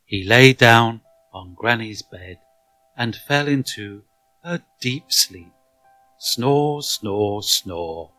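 Expressive male storyteller, unhurried and dramatic, bright timbre. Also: mid-range voice, dry recording, soft background music, low-quality recording. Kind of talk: storybook reading.

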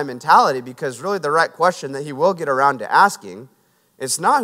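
A man's voice: fairly high pitch, very animated, fairly quick, sharp tone. A man preaching a sermon and telling stories from his military training, in an earnest, conversational way with restarts, recorded in a hall. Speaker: preacher and former Navy SEAL. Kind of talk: sermon with personal story. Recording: echoey hall with long reverb.

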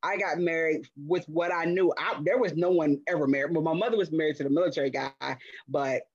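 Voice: medium pitch, fairly quick, slightly rough, no room sound, dull audio. A guest in their forties from Cincinnati, telling a candid personal story in a reflective, frank way and laughing easily. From Cincinnati, USA.

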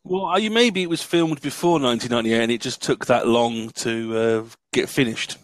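A man's voice: medium pitch, moderate pace, no room sound. Rambling, jokey man. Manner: rambling, jokey, acts out quoted lines. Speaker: film podcast co-host. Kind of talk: casual chat.

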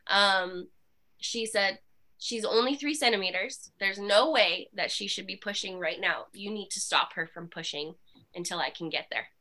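A woman guest on a podcast recounts her story candidly. Her voice has a bright, crisp edge, and she talks in an animated way with many fillers. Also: mid-range voice, normal speed. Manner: animated, with frequent fillers and laughs.

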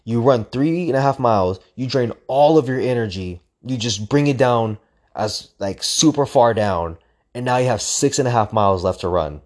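A young man tells his story in loose, casual speech, intense and profane. He keeps repeating phrases and acts out the voice in his head. His voice sits at an ordinary middle pitch for a man. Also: moderate pace, a little mellow. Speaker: storyteller recounting a hard run.

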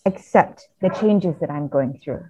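A woman with a somewhat low voice speaks earnestly and reflectively as a podcast guest, often restarting her sentences. The sound is thin and tinny, like a phone line. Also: measured pace, crowd noise. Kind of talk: candid personal storytelling.

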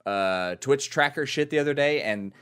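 A man's voice: medium pitch, lively intonation, moderate pace, fairly bright tone, clear, resonant tone. A man co-hosting a gaming podcast, chatting casually and rambling through restarts. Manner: rambling, frequent restarts and fillers. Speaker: podcast co-host and streamer. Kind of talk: casual chat.

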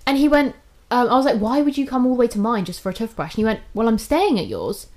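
A woman's voice: fairly high pitch, fast. A young woman, casually telling a story on a podcast, swearing often and acting out what people said. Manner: animated, swears often, acts out quotes.

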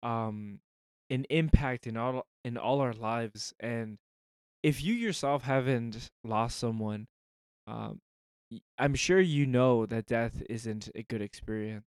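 Slow, earnest man reflecting on faith. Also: medium pitch, a little mellow, clear, resonant tone, no room sound. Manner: thoughtful, halting, earnest. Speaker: podcast co-host. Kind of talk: casual faith discussion.

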